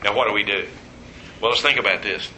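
A man preaching a sermon, telling stories with humor and quoting voices in an animated way. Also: fairly low pitch, fast talker, echoey room, slight background noise, low-quality recording.

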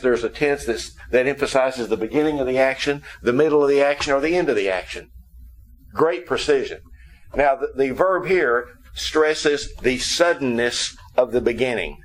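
A man's voice: mid-range voice, poor audio. A man preaching a sermon who explains scripture through humorous storytelling.

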